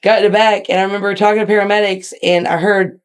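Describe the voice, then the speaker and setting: A woman telling animated, profane stories in a casual interview as a guest, acting out quotes with big jumps in her voice. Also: medium pitch, quick pace, clean tone. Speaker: guest wrestler.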